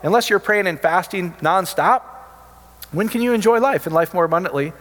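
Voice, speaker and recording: A man's voice: high-pitched, fairly quick, a bit bright, long reverb tail. A man preaching informally, telling healing stories in a chatty, joking storytelling way. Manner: chatty storytelling, jokey asides. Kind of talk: informal sermon with testimonies.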